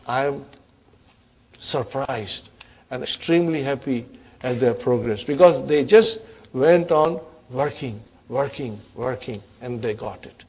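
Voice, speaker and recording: A middle-aged man teaching an Arabic grammar class, encouraging students and quizzing them with quick questions. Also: medium pitch, husky. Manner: quotes Arabic phrases slowly. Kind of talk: classroom lecture.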